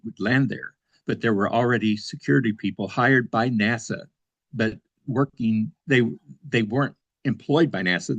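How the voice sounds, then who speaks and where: A man's voice: on the low side, breathy edge, no echo. A man who served in the Air Force, talking casually as an interview guest, with many fillers and restarts.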